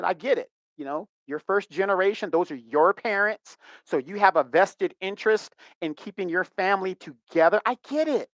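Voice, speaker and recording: A man's voice: high voice, expressive, moderate pace, hardly any pauses, fairly bright tone, no echo. Indignant man ranting into the mic. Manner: emphatic, indignant, repeats himself. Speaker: vlogger. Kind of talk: ranting commentary.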